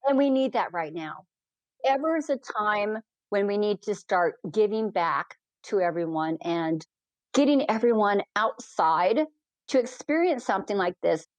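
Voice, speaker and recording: A woman in an interview recounts her flights with heartfelt, animated energy, her speech rushing in quick bursts. She has a mid-range voice for a woman. The recording is dry and close, with no room sound. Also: medium pitch, dry recording. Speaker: hot air balloon pilot, guest. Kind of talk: emotional storytelling in a podcast interview.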